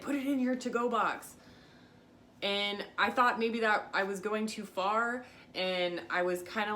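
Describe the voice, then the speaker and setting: A woman's voice: lowish voice, a bit bright. A woman vlogger casually telling a story to camera, chatty and a little self-conscious, with lots of fillers.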